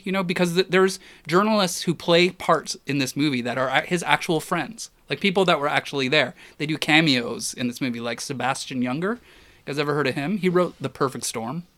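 A man in casual conversation, recounting an embarrassing moment with a bright, forceful tone and a slightly high voice. He is animated and self-deprecating, often sinking into a quiet mumble. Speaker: guest telling a story. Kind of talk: casual storytelling chat.

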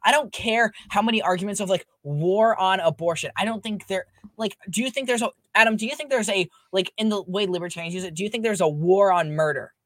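A man's voice: high-pitched, fairly quick, hardly any pauses, a bit bright, dry recording. A young man as a podcast guest, talking earnestly in casual chat and filling his sentences with "like". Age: young adult. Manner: earnest, filler-heavy, lots of "like".

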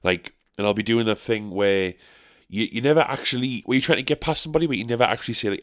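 A man's voice: lowish voice, fast, few pauses, no echo, studio quality. A young man from North East England, hosting a casual solo podcast, rambling and sarcastic, swearing freely. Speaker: podcast host.

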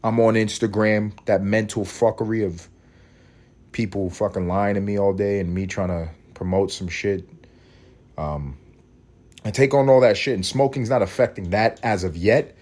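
Thirties male podcaster, lowish voice, profane self-mocking rambler. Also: moderate pace, a little mellow. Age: 30s. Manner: cranky, scattered. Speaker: podcast host. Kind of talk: casual solo podcast rant.

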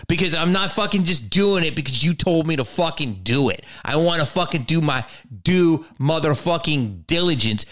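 A man's voice: on the high side, expressive, moderate pace, few pauses, no echo. A man hosting a solo podcast, ranting in a blunt, profane way. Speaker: podcast host.

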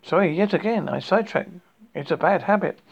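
Brit guy nearly sixty reading his own spooky story, rambly, a bit high, muffled lo-fi sound. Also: brisk. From United Kingdom. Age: 50s. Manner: rambling, self-interrupting, with jokey asides. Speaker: horror podcast host. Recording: dull lo-fi recording.

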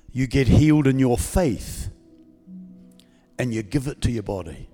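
A man preaching as a guest pastor, speaking calmly and conversationally instead of shouting, leading a healing prayer in a church service. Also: fairly high pitch. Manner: calm, conversational, not yelling. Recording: long church reverb.

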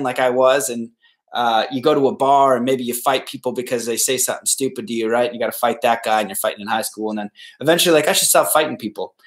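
Casual man giving rambling advice. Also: mid-range voice. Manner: casual, rambling, acts out quoted voices. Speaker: podcast host. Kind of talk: solo podcast advice talk.

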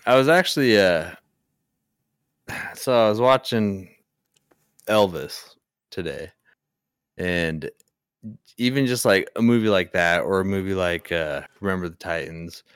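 Deep, smooth-voiced young man, laid-back. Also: animated, measured pace, pauses often, dry recording, studio quality. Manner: laid-back, rambling, wry jokes. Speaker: podcast co-host. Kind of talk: casual chat.

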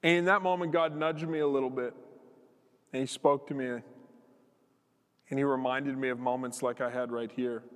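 A man, a guest pastor preaching a lively sermon story and acting out the lines of the people in it. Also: medium pitch, normal speed, long pauses, smooth, long reverb tail. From Canada. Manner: lively, animated storytelling with acted-out quotes and laughter.

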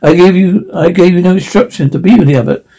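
A man's voice: high-pitched, fast talker, dark tone, husky, rough recording. A man voicing a stern, suspicious guard captain who speaks in curt commands.

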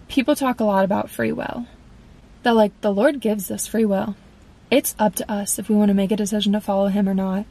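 A woman's voice: mid-range voice, gravelly, darkish tone, rough recording. A woman in her twenties, host of a faith podcast, telling her personal testimony in an earnest, confessional way and acting out her past conversations.

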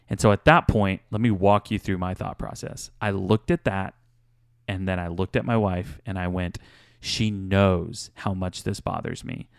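A man with a very low, gravelly voice shares a frank story from home, talking in a candid, confessional way. His voice is smooth and resonant, and it is recorded dry and close. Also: dry recording. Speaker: podcast co-host. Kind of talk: casual chat.

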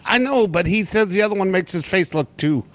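A man's voice: high-pitched, animated. A man from the United States co-hosting a podcast, joking around in casual chat. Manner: joking, quick to laugh. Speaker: podcast co-host.

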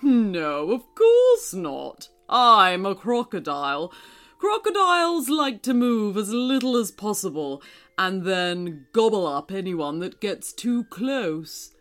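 A woman's voice: mid-range voice, sing-song, takes it slowly, fairly bright tone, faint music behind. A woman voicing a smug, menacing male crocodile in a storybook reading, drawling and scornful.

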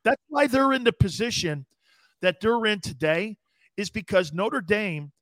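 A man co-hosting a sports talk show, casual and animated, slangy and storytelling. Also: sits high, unhurried, dry recording. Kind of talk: casual sports radio chat.

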